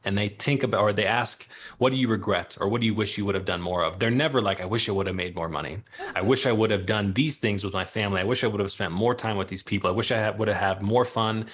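A man hosting a casual conversation, speaking in a reflective, measured way. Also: lowish voice, a bit bright.

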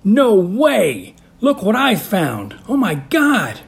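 A man voicing an excitable, playful young boy who talks loudly in a storybook tale. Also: high voice, slow pace, gravelly, voice pushed up, heavily acted. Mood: excited. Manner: shouting, boisterous.

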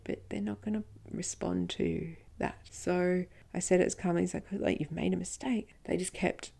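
A woman with a low, gravelly voice tells a personal story on her podcast. She acts out each exchange and slips into a hushed whisper at tense moments. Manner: recounting events, quoting others in dialogue, occasional whispering. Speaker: podcast host.

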